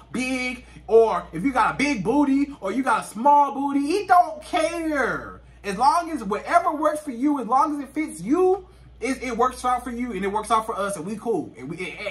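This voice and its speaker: Brief: male relationship vlogger, bright and high, emphatic and repetitive. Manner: emphatic, repeats points. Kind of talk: casual advice monologue to camera.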